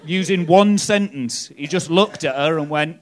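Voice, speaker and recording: Northeast england lad doing stand-up, bit high-pitched, sweary, keeps saying right?. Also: male voice, normal speed. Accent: northern English, Hartlepool. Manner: cheeky, swearing, chatty asides with "right?". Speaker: stand-up comedian. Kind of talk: live stand-up set. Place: comedy club stage.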